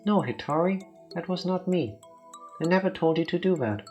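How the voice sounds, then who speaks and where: A man voicing a gentle ghostly young male bird in a visual novel who speaks softly and quietly, with a pleading sorrow. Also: high voice, animated, moderate pace, muffled recording, soft background music, voice pushed up. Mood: sorrowful.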